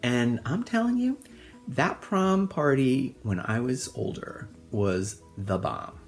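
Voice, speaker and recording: A man's voice: mid-range voice, animated, slow pace, soft background music. A middle-aged man telling a personal story as host, rambling and self-mocking with lots of fillers.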